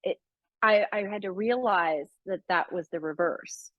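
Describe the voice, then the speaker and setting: A middle-aged woman coach talking openly in a casual conversation, animated and emotional, laughing often as she tells stories. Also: medium pitch, unhurried, dry recording, lo-fi sound. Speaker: business coach.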